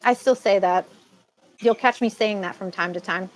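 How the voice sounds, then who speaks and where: A woman's voice: medium pitch, moderate pace, rough recording. A woman from Massachusetts co-hosting a casual live-stream chat, rambling and laughing often.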